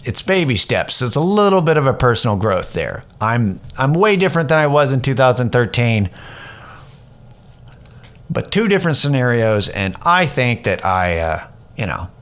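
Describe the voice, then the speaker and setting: A man's voice: medium pitch, moderate pace. A man in his thirties hosting a podcast, telling a personal story in a candid, rambling, profane way. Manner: candid, rambling, profane, animated when quoting others. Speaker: podcast host. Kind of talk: casual storytelling monologue.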